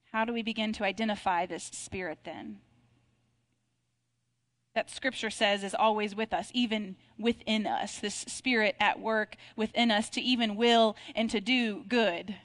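A woman in her thirties preaching a sermon, talking in a reflective, conversational way, reading scripture and slowing down for emphasis. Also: a little high, a bit bright. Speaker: pastor.

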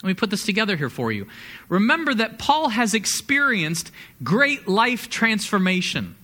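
Here a male pastor preaches with lively, conversational energy, quizzing the congregation as he goes. He pitches his voice high and keeps a normal pace.

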